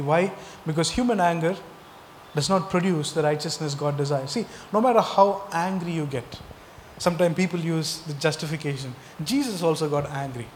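A man with a slightly high voice preaches a sermon, putting emphatic rhetorical questions to his listeners. His voice rings out with a long reverb, as if he is in a large hall. Faint noise sits underneath the speech. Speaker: pastor.

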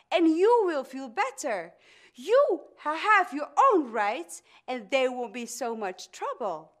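Defiant middle-aged woman orator , as an actress reads her, high and bright, slow emphatic declamation. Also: heavily acted. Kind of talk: dramatic speech reading.

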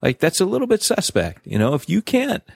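A man co-hosting a podcast, talking in an animated, joking way with many restarts and fillers. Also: high-pitched, brisk, gravelly, slightly rough, dry recording, studio quality. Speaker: podcast co-host. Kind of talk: casual podcast chat.

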